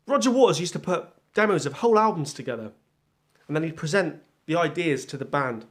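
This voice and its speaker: A man with a somewhat high voice shares loose first impressions of an album. He rambles in a friendly way and stops to think aloud. He pokes fun at himself as he goes. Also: expressive. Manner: chatty, self-deprecating, thinks aloud with pauses. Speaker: music channel host.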